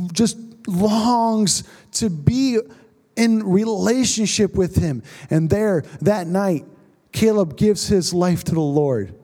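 A man preaching a sermon, telling a story dramatically and dropping to a hush at the tense moments. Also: sits high. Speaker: pastor.

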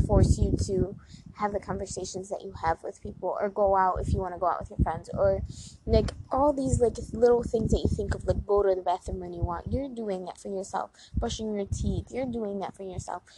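A woman casually talking through positive affirmations on her porch, chatty with many "like" fillers and repeated lines. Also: mid-range voice. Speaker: host reading affirmations. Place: outdoors on a porch. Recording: faint wind noise outdoors. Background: wind.

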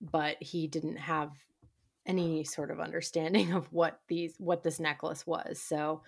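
Woman, podcast co-host, slightly low voice, giggly, casual recap chat. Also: level tone, a little slow, vocal fry. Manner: giggly, laughs often while talking.

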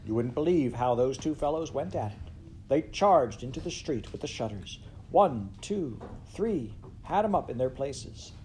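Expressive male storybook reader. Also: a little slow, a little hiss or hum. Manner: expressive, swings in loudness and pitch. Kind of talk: reading a classic story aloud.

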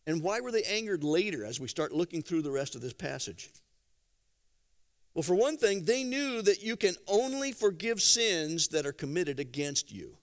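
A man preaching a sermon, telling stories conversationally with gentle humor and acting out quotes. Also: high voice, moderate pace. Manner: animated storytelling with acted-out quotes. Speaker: pastor.

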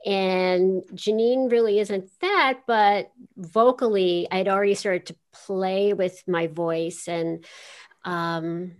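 A woman's voice: medium pitch, takes it slowly. An older woman from Queens, New York, a voice actress telling stories as an interview guest in a chatty way, laughing easily. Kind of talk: casual interview, storytelling.

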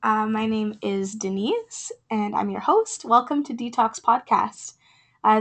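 A woman hosting her own podcast, talking earnestly with many fillers, her voice raspy from being sick. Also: medium pitch. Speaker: podcast host. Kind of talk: casual podcast talk and poetry reading.

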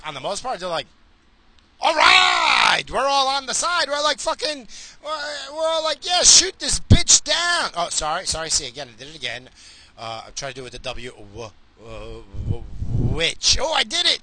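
A man's voice: mid-range voice, sharp tone, slight background noise. A man driving in his car, ranting in a crude, rambling way and swearing constantly into a phone. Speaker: vlogger. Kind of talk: profane rambling rant while driving.

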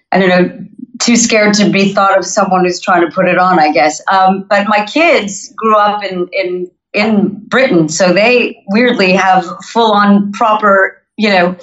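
Guest: middle-aged North American woman, upbeat and chatty, in an echoey room with dull, lo-fi sound. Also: mid-range voice. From Montreal, Canada. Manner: upbeat, chatty, quick to laugh. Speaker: singer-songwriter guest. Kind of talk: casual interview chat. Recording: roomy, dull lo-fi remote audio.

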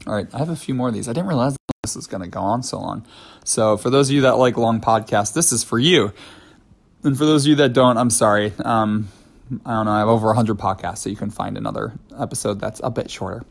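A man's voice: lowish voice, fast, creaky. A man hosting a solo podcast about dancing, chatty and self-mocking, with frequent ums and light laughs. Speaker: podcast host and ballet dancer.

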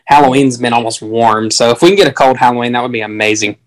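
A man's voice: medium pitch, fast talker, poor audio. A man with a Southern US accent, chatting as a guest in a casual podcast interview and making dry joking asides. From Southern United States.

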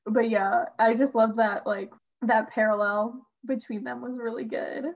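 A young woman co-hosting a podcast, chatting excitedly as a fan, laughing and filling her talk with "like". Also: a little high, measured pace. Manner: excitable, laughing, heavy use of "like". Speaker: podcast co-host. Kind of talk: casual fan chat. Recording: dull lo-fi sound.

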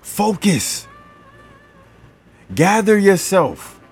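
A man hosting a podcast, giving a slow, encouraging motivational talk and leading a breathing exercise, repeating his words. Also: high-pitched, sing-song, slightly rough, faint music behind. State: gasping for air at times. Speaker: podcast host.

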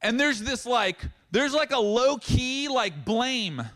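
Male pastor, high-pitched, animated sermon delivery with acted dialogue. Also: slow pace. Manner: animated preaching, acting out dialogue in voices.

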